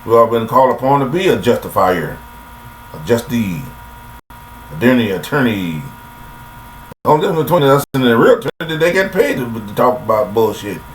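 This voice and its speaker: A man's voice: mid-range voice, sing-song, quick pace, a little hiss or hum, low-quality recording. An older man delivering a rambling, folksy philosophical monologue to listeners, recorded on a laptop webcam. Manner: folksy and preachy, addresses listeners directly. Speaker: vlogger.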